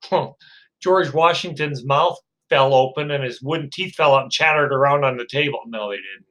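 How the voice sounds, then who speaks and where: A male professor giving a recorded lecture, telling a story in a relaxed, hesitant way with many fillers. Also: mid-range voice, normal speed, rough recording.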